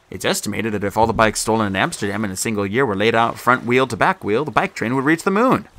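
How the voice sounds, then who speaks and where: A man reading an audiobook aloud with lively, expressive storytelling. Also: mid-range voice. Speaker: audiobook narrator.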